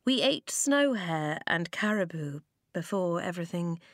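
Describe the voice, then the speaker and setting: Woman reading as a slow, steady tribe leader. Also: fairly low pitch, no echo, clean studio sound. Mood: solemn. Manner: slow, measured speech. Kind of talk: storybook reading.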